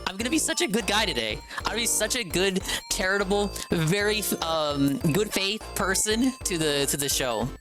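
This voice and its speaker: A man hosting a casual live stream, excitable and rambling, with lots of fillers and restarts. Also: sits high, normal speed, hardly any pauses, over music.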